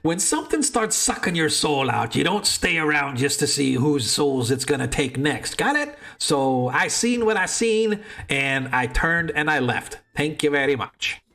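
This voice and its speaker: A man doing a gruff, cussing backwoods woodsman. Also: a little high, sing-song, a little slow, hardly any pauses, pushed and bright, exaggerated voice. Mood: shaken. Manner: swearing, coarse backwoods speech. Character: crude, frightened male woodsman ranger, gruff.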